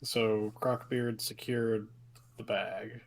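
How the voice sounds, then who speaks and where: Low-voiced man thinking aloud in play. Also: steady tone, slow. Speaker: player. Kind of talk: casual tabletop play.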